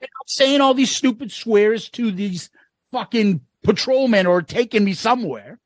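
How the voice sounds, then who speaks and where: High-voiced profane man telling a story. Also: expressive, measured pace, no echo. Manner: profane, laughing storyteller acting out quotes. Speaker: podcast co-host. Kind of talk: casual storytelling chat.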